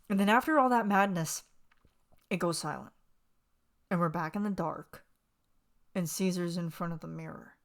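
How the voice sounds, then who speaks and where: A woman hosting a podcast, chatting casually and emotionally about a music video, with lots of fillers and restarts. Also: lowish voice. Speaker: podcast host. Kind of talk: casual fan commentary.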